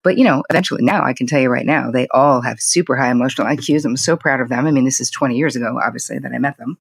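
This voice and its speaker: An older woman, a psychotherapist and podcast guest, telling candid stories about family in a lively, conversational way. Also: very deep voice, creaky, breathy edge, no room sound. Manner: candid, animated storyteller, speaks in quick bursts. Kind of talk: conversational interview storytelling.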